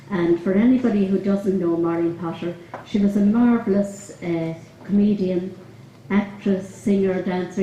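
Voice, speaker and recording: A woman's voice: lowish voice, dark tone. A woman giving a chatty, humorous after-dinner speech as lady captain. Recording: echoey hall with crowd noise.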